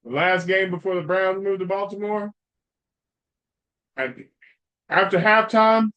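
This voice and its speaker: A middle-aged man from Cleveland hosting a sports podcast, ranting in a profane, animated way. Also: high-pitched, measured pace, smooth, dull audio. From Cleveland, Ohio. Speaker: podcast host. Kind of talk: casual sports talk.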